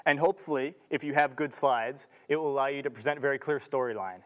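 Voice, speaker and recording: A man's voice: medium pitch, fast talker. A young man giving an earnest, casual talk to an audience in a large lecture room, with restarts and filler ums. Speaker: student speaker.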